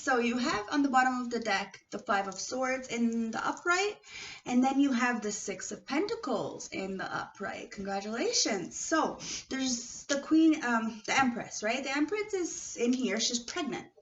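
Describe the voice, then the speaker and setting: A woman's voice: on the high side, animated, a little slow, a bit bright. A woman giving a casual tarot card reading with a non-native English accent, chatty and often checking in with her listeners. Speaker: tarot reader. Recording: distant, dull, noisy home recording.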